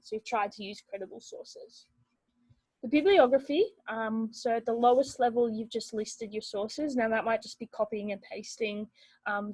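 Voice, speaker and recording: A young woman teacher walks students through a rubric, steady and explanatory, with plenty of ums. Her voice sits a little high and has a breathy, husky edge. It is recorded close and dry, with no room sound. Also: no echo, poor audio. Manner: explanatory, steady, with many fillers.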